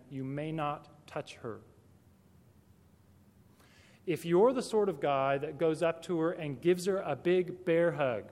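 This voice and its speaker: A man's voice: a little high, darkish tone. Man preaching in a reverberant hall. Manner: direct, conversational, asks rhetorical questions. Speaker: speaker to teachers. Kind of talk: talk to Christian educators.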